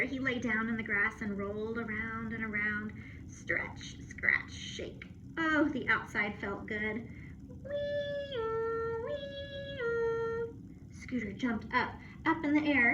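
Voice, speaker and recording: A woman teacher reading a storybook aloud to children on camera, expressive and playful with asides and sound effects. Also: fairly high pitch, moderate pace, few pauses. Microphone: phone or camera. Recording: muffled with steady background noise.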